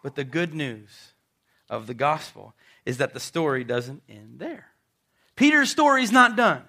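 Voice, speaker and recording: Pastor guy with a pretty high voice, preaching to his church, big storytelling, goes quiet real sudden sometimes. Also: big pitch swings, a little slow. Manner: dramatic storytelling with sudden soft drops. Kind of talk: sermon. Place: church service before a congregation.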